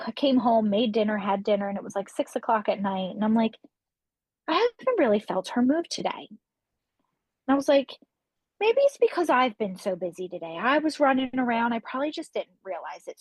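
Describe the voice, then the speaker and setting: A woman's voice: medium pitch, dry recording, rough recording. A woman in her thirties telling a personal story on a podcast, emotional and acting out the voices of the people she quotes. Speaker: podcast guest. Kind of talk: casual interview storytelling.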